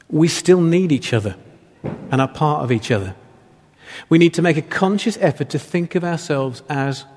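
A man's voice: fairly high pitch, slightly rough. A man preaching a sermon in a conversational, playful way, with asides and jokes to the congregation. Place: church hall. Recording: long reverb of a church hall.

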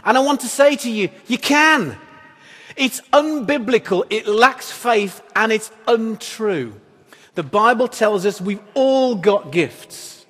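A man's voice: sits high, lively intonation, takes it slowly, fairly bright tone. A man preaching a sermon as pastor, in a conversational, wry style full of rhetorical questions. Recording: echoey hall reverb.

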